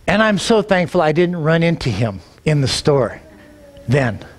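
A middle-aged man, a pastor, telling a personal story in a sermon, animated and acting out the dialogue, often repeating words as he gets going. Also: on the high side, unhurried. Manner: animated, acts out quoted dialogue, repeats words when excited.

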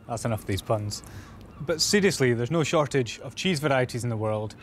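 A man's voice: medium pitch, normal speed, slight background noise. A Scottish man presenting a language lesson on location, playful and full of puns. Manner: jokey, punning, lively. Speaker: presenter teaching words on location. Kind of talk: playful pun-filled presenting.

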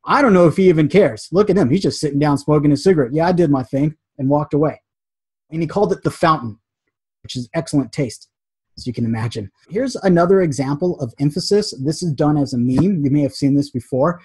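Chatty design teacher, male, slightly high voice with a husky edge. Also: quick pace, no echo. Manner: chatty and animated, acts out quotes. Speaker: graphic design instructor. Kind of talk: casual recorded lesson.

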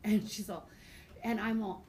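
A woman teaching a high school biology class, chatty and goofy, telling stories between points. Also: fairly even intonation, unhurried, reverberant, background noise. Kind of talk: classroom lecture with anecdotes.

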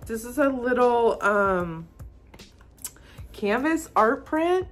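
A woman's voice: a little high, very slow, pauses often, soft background music. A young woman gushing and gasping as she unboxes a gift for her vlog. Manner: gushing, excitable, frequent gasps and "oh my gosh". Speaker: manga vlogger. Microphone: phone camera.

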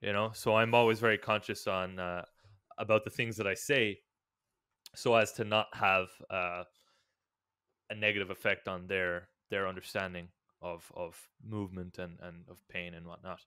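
A man co-hosting a podcast, telling stories hesitantly with many pauses and restarts. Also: deep voice, little pitch movement, bright, forceful tone, clean tone, dry recording, studio quality. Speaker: podcast co-host, strength coach. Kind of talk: casual podcast chat.

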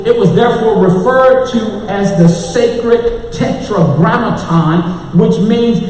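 A man's voice: high-pitched, slow pace, darkish tone. A man with a Texan accent preaching a sermon as pastor, calling out to his congregation and tech crew. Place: church sanctuary. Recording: echoey church hall, mic far off.

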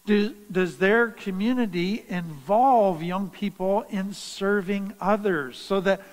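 A man with a fairly high voice teaches at an unhurried pace, earnest and deliberate, leaning on key phrases. His words ring out with a long reverb around him. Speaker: trauma educator. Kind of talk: teaching talk.

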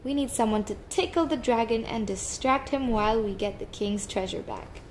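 A woman voicing a bold booming male knight from a storybook, speaking in grand old-fashioned words. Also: moderate pace, slight background noise, close to an everyday voice.

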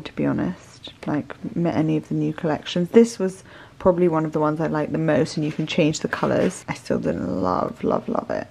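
A woman's voice: low-pitched, creaky, a little mellow, husky. A woman chatting casually to camera in a vlog, gushing and peppering her talk with "like". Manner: chatty, gushing, fond of "like" and "so sweet". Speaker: lifestyle vlogger.

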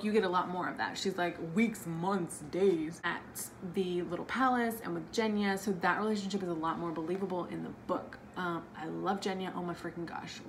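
A woman's voice: on the low side, slight background noise. Gushing tipsy young woman reviewing a book. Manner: gushing and excitable, with filler "like". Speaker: book vlogger.

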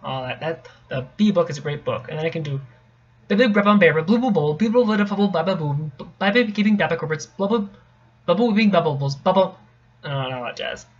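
A young man reading a tricky poem aloud in a casual, halting way, often stopping to correct himself and mutter asides. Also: fairly high pitch, animated. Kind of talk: casual stumbling read-aloud. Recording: dull lo-fi home recording.

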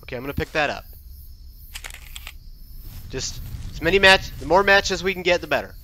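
A man commentating his own play of a scary game, talking to himself and yelping and shouting when startled. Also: a little high, animated, normal speed, a little hiss or hum. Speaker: gaming video host. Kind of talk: live gameplay commentary.

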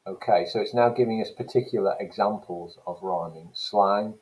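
Low-voiced English teacher explaining. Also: male voice, normal speed, darkish tone, low-quality recording. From England. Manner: explanatory, reads passages aloud then comments. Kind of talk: recorded lesson.

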